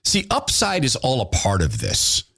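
A man's voice: medium pitch, wildly swooping pitch, moderate pace, creaky, a bit bright, slightly rough, no echo, studio quality. A middle-aged man hosting a talk radio show, telling folksy stories and acting out the quotes. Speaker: radio host. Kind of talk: storytelling talk radio monologue.

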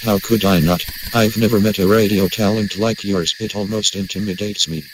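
An actor playing a loyal, admiring sidekick who speaks matter-of-factly in a comedy radio play. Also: male voice, fairly low pitch, fairly even intonation, normal speed, natural voice. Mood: earnest. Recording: noisy ambience behind.

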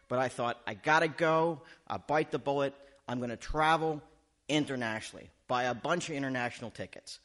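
A man performing stand-up comedy, telling a story in an animated, self-mocking way and acting out his own panic. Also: mid-range voice.

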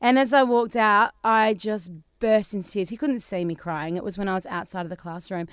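Fast-talking Australian woman host. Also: medium pitch, clear, resonant tone, no echo. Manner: chatty storytelling, animated. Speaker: podcast co-host. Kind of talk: casual chat.

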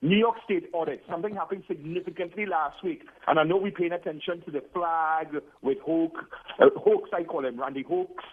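A man's voice: a little high, fairly quick, few pauses. A man calling in to a radio show, rambling and emphatic, restarting his sentences. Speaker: caller. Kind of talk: phoned-in talk radio call. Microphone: telephone. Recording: tinny phone line.

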